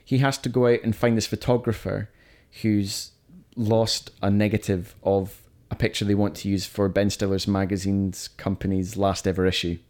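Guy on a podcast, deeper voice, opinionated, lots of restarts. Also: level tone, normal speed, darkish tone. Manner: chatty and opinionated, frequent restarts and stammers. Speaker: podcast co-host reviewing films. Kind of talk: casual chat.

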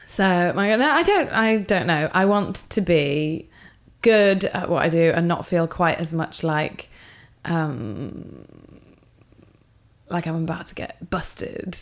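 A woman's voice: fairly low pitch, lively intonation, takes it slowly. A woman comedian who is a guest on a podcast, chatting casually in a teasing way and laughing a lot.

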